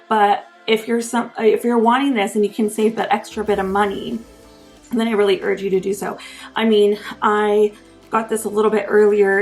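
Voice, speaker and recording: A young woman chats through a makeup review with a gravelly, fry-laden voice. She talks in an easygoing, gushing way, clearly delighted with what she is showing, and her pitch sits in a middle range. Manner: gushing and enthusiastic. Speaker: beauty vlogger.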